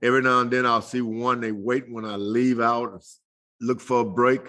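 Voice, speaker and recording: Older male guest, folksy chuckling storyteller, bright forceful tone. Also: medium pitch, flat delivery, moderate pace. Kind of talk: casual storytelling interview.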